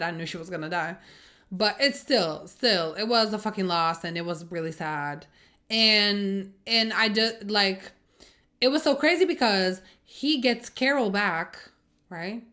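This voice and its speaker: Bright-voiced young woman, animated recap. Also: fairly high pitch. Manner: animated, swearing, acts out scenes. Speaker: show reviewer. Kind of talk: casual recap and reaction.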